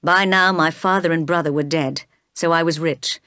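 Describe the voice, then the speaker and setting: A woman reading the lines of a brooding, passionate gentleman in an audiobook, with an intense, pleading manner. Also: low-pitched, steady tone, moderate pace, no echo, studio quality. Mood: bitter, confiding.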